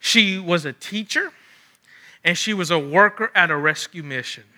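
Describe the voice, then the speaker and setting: Guy preaching, kinda high voice, super bright, keeps repeating lines for emphasis. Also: moderate pace. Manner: emphatic, repeats phrases for stress. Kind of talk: sermon.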